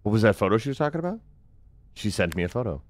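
Jumpy, lively young male streamer. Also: fairly low pitch, rapid-fire, no room sound. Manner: jumpy, nervous, self-mocking. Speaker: gaming streamer. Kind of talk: horror game let's play commentary.

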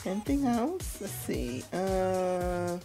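A woman's voice: on the low side, very animated, slow pace, over music. A woman hosting a gameplay video, chatting playfully and casually with slangy asides. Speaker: let's play host.

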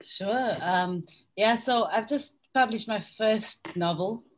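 Woman, author, panel talk, candid, reflective, mid-pitched voice, lots of ums. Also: slow pace. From South Africa. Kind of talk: panel discussion.

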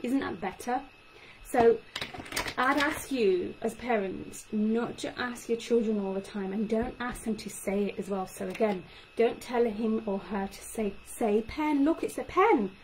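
An animated young woman, working as a speech and language therapist, talks parents through simple tips. Her voice sits a little high. Faint background noise runs under the recording. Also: measured pace, rough recording. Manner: animated, acts out child-directed phrases. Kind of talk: talk to parents.

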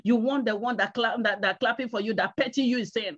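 A woman's voice: on the high side, fairly quick. A woman evangelist delivering a sermon with emphatic, repetitive exhortations and pleading calls to repent. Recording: dull lo-fi recording.

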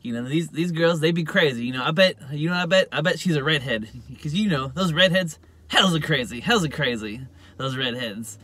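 A man's voice: fairly high pitch, lively intonation, fairly quick, hardly any pauses, a bit bright, dry recording. A man vlogging into his phone in a casual, rambling monologue, leaning on "you know" at every turn. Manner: rambling, heavy use of "you know" fillers. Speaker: YouTube vlogger.

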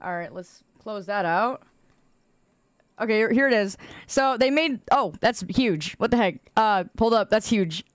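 In a clean studio recording with no room sound, this woman streams games and talks with her viewers in an expressive, unhurried, medium-pitched voice. Her chatter is silly and wandering, and she laughs a lot while mocking herself.

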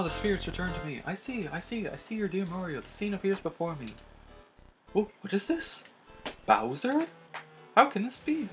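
A man's voice: high-pitched, voice pushed up. A man voicing a theatrical female ghost fortune teller who chants grandly at her crystal orb, in a video game let's play. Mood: dramatic. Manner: melodramatic, incantatory.

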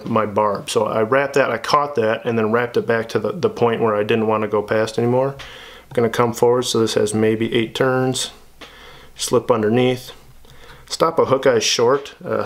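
Easygoing man explaining fly tying. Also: mid-range voice. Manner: relaxed, chatty, many fillers and restarts. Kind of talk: casual tutorial narration.

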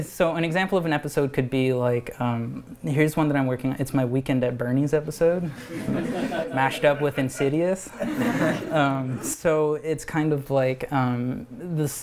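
At a live event, a man who animated and created his own cartoon pitches it in a rambling, animated way, often restarting his sentences and laughing.

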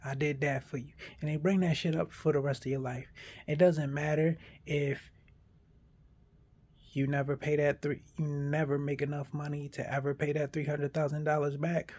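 A man in a casual monologue, arguing a point in an animated way and acting out imagined back-and-forth dialogue. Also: fairly high pitch, moderate pace, husky.

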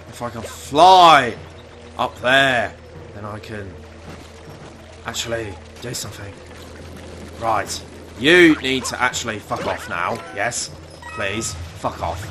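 A man's voice: mid-range voice, sharp tone, heavily acted. A man putting on the voice of a foul-mouthed, furious celebrity chef, swearing and sighing while commenting on a game. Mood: exasperated. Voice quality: constant swearing, exasperated sighs. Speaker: gamer doing a parody voice. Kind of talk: comedic gameplay commentary.

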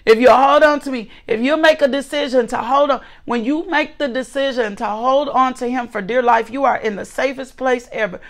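A woman's voice: high voice, fairly quick, few pauses. A woman in her forties reading scripture and preaching a devotional message, fervent and repeating her phrases. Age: 40s. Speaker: host and preacher.

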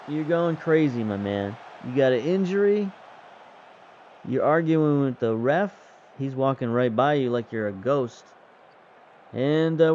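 A man's voice: medium pitch, dull audio, a little hiss or hum. A man giving casual, wry play-by-play commentary while playing a football management game. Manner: wry, chatty, self-mocking. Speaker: gaming video host.

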